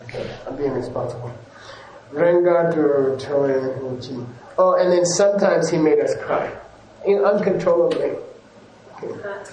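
A man's voice: fairly high pitch, unhurried, a little mellow, reverberant, lo-fi sound, a little hiss or hum. A man, a yoga teacher, giving a casual rambling talk to his class, often chuckling and correcting himself.

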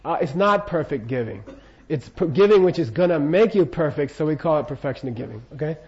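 A man's voice: fairly high pitch, expressive, brisk, a little mellow. An older man giving an informal Buddhist lecture, casual and jokey, often checking in with his listeners. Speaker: Buddhist teacher. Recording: dull lo-fi lecture recording.

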